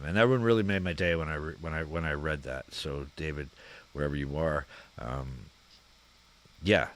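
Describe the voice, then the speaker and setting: A man hosting his channel, reading out viewer comments in a relaxed, chuckling chat and swearing freely. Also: sits low. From Canada. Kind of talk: casual chat.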